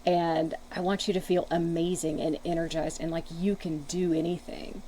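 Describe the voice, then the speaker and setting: A woman's voice: lowish voice, little pitch movement, moderate pace, warm tone, slight background noise, low-quality recording. A woman with a Texan accent, a podcast guest and strengths coach, talking in an enthusiastic, bubbly casual chat from inside an RV. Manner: bubbly, enthusiastic, drawling at times.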